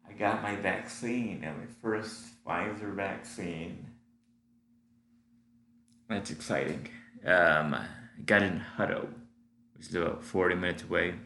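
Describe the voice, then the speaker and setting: A man with a deep, gravelly voice, a sharp tone and a stuffy nose rambles casually as a solo audio diarist. He meanders through his thoughts with many fillers and restarts, speaking into a home recording setup at a computer in his apartment, where the room is echoey and carries a faint hum.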